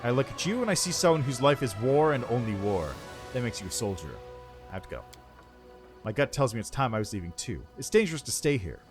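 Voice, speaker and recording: A man's voice: mid-range voice, big pitch swings, fast talker, soft background music, natural voice. Give me a man voicing a defiant elf spy woman, terse and wary. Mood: guarded. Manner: curt, weary, bitter.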